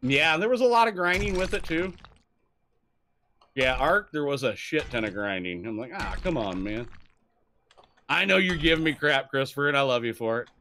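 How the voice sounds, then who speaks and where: A man's voice: a little high, brisk, slight background noise. A young man chatting casually on a live stream, swearing freely and telling stories with lots of laughing. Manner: swears freely, animated storytelling, laughs often.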